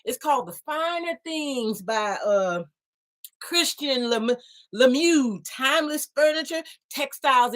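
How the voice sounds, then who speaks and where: A woman's voice: high voice, pushed and bright, full character voice. A woman voicing a sassy, folksy female design assistant who chats with a bubbly, teasing manner and plenty of slang. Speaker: show's alter ego design assistant. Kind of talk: chatty talk-show segment in character.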